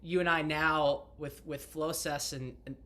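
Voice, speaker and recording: Soft-spoken, enthusiastic male guest. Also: on the high side, steady tone, a little slow. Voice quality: soft, enthusiastic, searching for words. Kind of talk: casual video chat.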